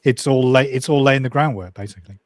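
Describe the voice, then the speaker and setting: A man who works as railway station staff, talking on a casual panel chat and explaining things as he trails off softly. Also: mid-range voice, fast talker, no echo. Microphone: video call panel.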